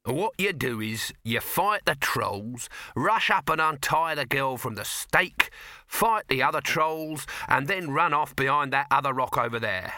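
A man voicing a pushy, bossy male film producer who talks loud and slow, laying out orders. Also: mid-range voice, animated, no echo, clean studio sound, pitched above the performer's own voice.

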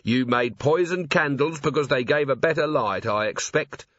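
A man voicing a bitter, gruff middle-aged watch commander who speaks curtly. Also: mid-range voice, moderate pace, a bit bright, no echo, dull audio, voice pushed up, lightly acted. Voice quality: bitter, curt.

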